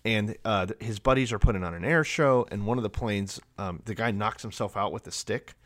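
A man's voice: fairly low pitch, a little fast, fairly bright tone. A man co-hosting a comedy podcast, chatting casually and sarcastically, now and then acting out characters. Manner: sarcastic, acts out characters in big voices. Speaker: podcast co-host.

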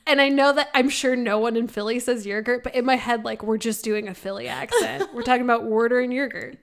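A woman's voice: on the high side, steady tone, brisk, vocal fry. A woman co-hosting a podcast in casual chat, playful and giggly, teasing her friend. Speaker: podcast co-host.

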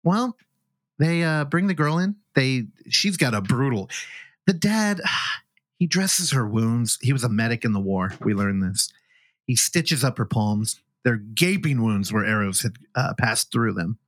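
A man's voice: mid-range voice, lively intonation, a little slow, dry recording. A man hosting a film podcast, casually recapping a movie's plot with joking asides. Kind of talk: casual film review chat.

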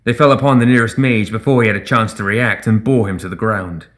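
A man reading a fantasy story aloud as narrator in a measured, even way. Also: lowish voice. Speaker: audiobook narrator. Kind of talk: scripted narration.

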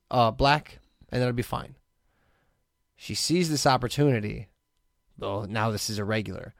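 A man co-hosting a podcast, telling stories in a casual chat and acting out other people's lines in sudden high voices. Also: moderate pace, vocal fry, pauses often, no echo, studio quality. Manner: animated, acts out other people's voices with big pitch jumps. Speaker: podcast co-host.

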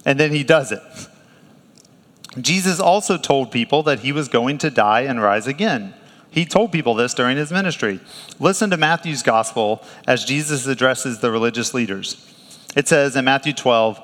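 A male pastor preaching a sermon in a conversational, animated way, with laughs and restarts. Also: mid-range voice, moderate pace, big-room sound.

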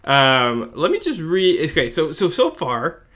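A man co-hosting a casual podcast, reading a news story aloud with jokey asides and halting fillers. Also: a little high, huge pitch swings, fairly bright tone. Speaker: podcast co-host.

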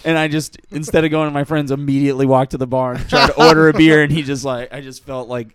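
A man's voice: mid-range voice, fast, clean tone, no echo. A man in his thirties with a Boston accent tells stories in casual podcast chat. He acts out what people said and swears freely. The sound is dry and close, with no room around it. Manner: animated storyteller, acts out quotes, swears freely. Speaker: podcast guest.

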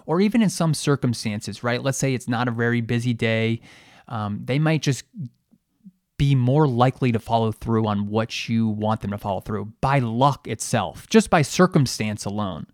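A man's voice: medium pitch, expressive, normal speed, a little mellow, dry recording, studio quality. Conversational man coaching with rhetorical questions. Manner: conversational, asks rhetorical questions, pokes fun at himself. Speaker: podcast host, periodontist coaching dental teams. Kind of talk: coaching monologue.

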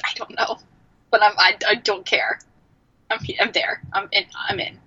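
Bright, husky woman on a dull dry mic. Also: mid-range voice, fairly even intonation, normal speed. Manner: emphatic, full of questions. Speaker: podcast co-host. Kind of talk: casual fan chat.

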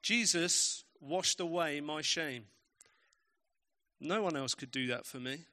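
A man's voice: fairly high pitch, takes it slowly, sharp tone. A man preaching a sermon, telling stories with emphatic, varied pacing.

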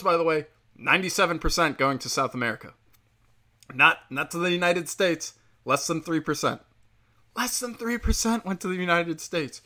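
Man ranting, bright sharp tone, heated, swearing a lot. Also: fairly high pitch. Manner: heated, swearing, rambling with fillers. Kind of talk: profane opinion rant.

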